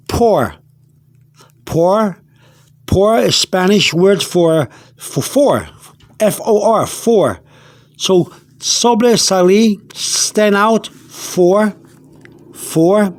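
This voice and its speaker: A man's voice: high-pitched, no echo. A man giving a casual spoken language lesson, repeating himself with many fillers and restarts. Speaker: language teacher.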